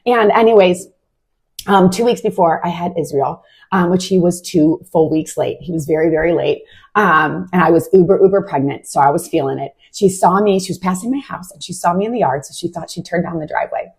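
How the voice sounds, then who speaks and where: A woman's voice: on the low side, brisk, a little mellow, slightly rough. A young adult woman sharing a heartfelt personal faith testimony in a casual way, with many "like" fillers. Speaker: Christian podcast host.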